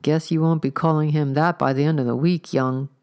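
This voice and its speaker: A woman doing a slow, gruff old-time constable. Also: low-pitched, steady tone, a little mellow, natural voice. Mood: muttering. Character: gruff working-class male London constable.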